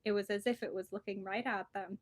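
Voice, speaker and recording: A woman bookseller reading a children's storybook aloud with lively, expressive storytelling. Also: medium pitch, a little fast, no echo.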